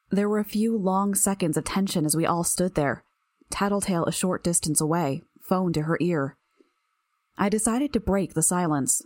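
A woman narrating a first-person audiobook in an even, measured reading. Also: on the low side, no echo, clean studio sound.

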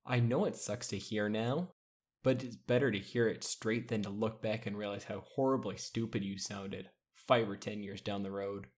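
A man's voice: lowish voice, steady tone, normal speed, a little mellow, lightly acted. A man voicing a condescending older teenage girl who sounds casually cruel, with a mocking, drawling delivery.

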